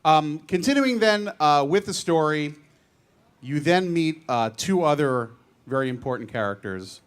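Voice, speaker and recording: A man's voice: on the high side, lively intonation, a little slow, smooth. An American man hosting an onstage interview, asking rambling, joking questions. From United States. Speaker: interviewer host.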